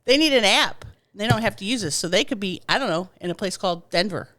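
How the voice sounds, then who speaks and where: Deadpan woman podcast co-host, dry sound. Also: mid-range voice, fast, dry recording. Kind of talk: casual comedic chat.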